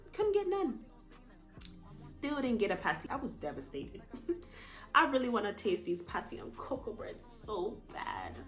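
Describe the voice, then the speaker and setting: A young woman telling a vacation story in a casual, animated way, jumping up in pitch when she quotes people. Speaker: vlogger. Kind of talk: storytime vlog.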